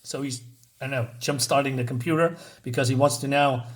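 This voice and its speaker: A man's voice: mid-range voice, fairly even intonation, brisk. A man casually reviewing a comic book in a rambling way, with lots of filler words.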